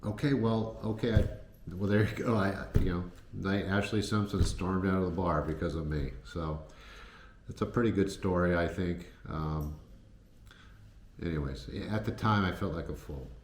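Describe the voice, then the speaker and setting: A man's voice: deep voice, fairly even intonation, normal speed. A man casually telling travel stories to the camera, rambling with many fillers and restarts. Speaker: travel vlogger. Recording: echoey room with faint noise.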